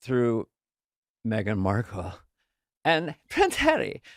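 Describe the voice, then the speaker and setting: A man's voice: medium pitch, huge pitch swings, slow, dry recording, clean studio sound. A man co-hosting a podcast, musing earnestly in casual chat and slipping into impressions. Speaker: podcast co-host.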